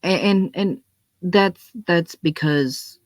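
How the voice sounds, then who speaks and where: A young adult launches into an unscripted rant, blunt and full of swearing, repeating words to drive each point home. The voice sits at a middle pitch and sounds close and dry, with no room around it. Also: takes it slowly, no echo. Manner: blunt, profane, emphatic, repeats words when stressing a point. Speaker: monologue speaker. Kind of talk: unscripted ranting monologue.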